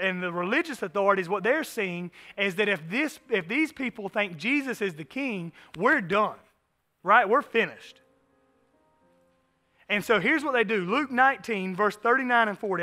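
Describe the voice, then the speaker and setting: A man's voice: high voice, bright, forceful tone. A man, a pastor, preaching a sermon in a conversational style with frequent rhetorical asides. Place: church sanctuary.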